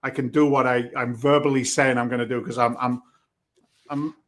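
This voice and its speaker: A middle-aged man with a Boston accent, talking at an average pitch on a podcast. He tells his stories with energy, acts out quoted dialogue and swears freely in a casual way. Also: level tone, normal speed. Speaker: podcast guest, real estate investor. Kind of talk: animated storytelling in conversation.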